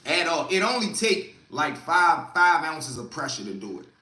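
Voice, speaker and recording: A man's voice: on the high side, normal speed, echoey room. A man with a Baltimore accent telling stories in a loose, slang-heavy way, acting out other people's voices. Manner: animated, slangy, acts out quoted voices loudly. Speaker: host. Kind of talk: casual storytelling.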